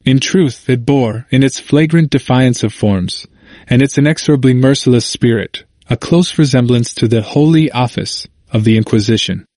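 A man reading a history book aloud as a narrator, in a measured, steady way. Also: medium pitch, no echo, clean studio sound.

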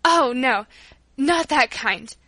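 A woman voicing an eager, generous little girl in a storybook reading, speaking in high, excited exclamations. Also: slow pace, no echo, heavily acted.

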